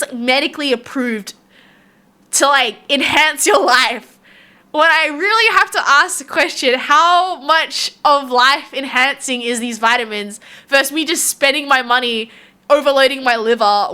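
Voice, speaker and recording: A woman's voice: high voice, pushed and bright. An Australian woman streaming live, chatting casually and rambling with her viewers, laughing often.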